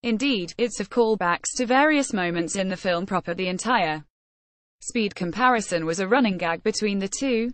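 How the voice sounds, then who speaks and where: A woman's voice: medium pitch, dry recording. A woman narrating a scripted explainer, reading out an article word for word, page labels included.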